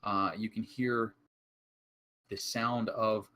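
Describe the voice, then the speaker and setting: A man narrating a tabletop horror campaign as game master, describing scenes with frequent pauses and fillers. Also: on the low side, flat delivery, pushed and bright.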